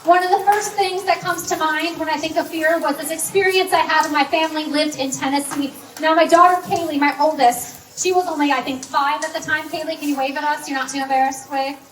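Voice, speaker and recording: Speaking briskly in a high voice with fairly even intonation, a woman in her thirties gives a conversational sermon built on stories and packed with fillers. The distant mic catches an echoey hall plus a little hiss or hum.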